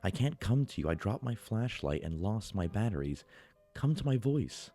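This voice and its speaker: A man voicing a frightened young woman calling urgently to a friend in the dark, in a horror story. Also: lowish voice, very animated, normal speed, soft background music, pitched above the performer's own voice.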